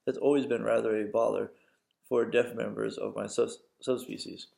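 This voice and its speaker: A man's voice: on the low side, little pitch movement, moderate pace, creaky, dark tone. A man voicing a polite, rueful male Tyrannosaurus with a British accent in a storybook.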